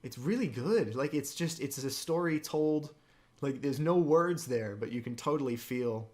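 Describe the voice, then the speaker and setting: A man co-hosting a podcast in casual chat, excited, his voice jumping up in pitch when he gets keen. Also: moderate pace. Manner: excited, with sudden upward jumps in pitch. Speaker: podcast co-host. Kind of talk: casual chat about a comic.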